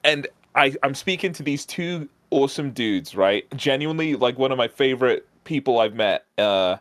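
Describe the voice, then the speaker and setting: A man from outside the United States, speaking as a guest at a moderate pace in a mid-range voice, casually tells a long story on a stream. He animatedly acts out the voices of the people he met, with no echo.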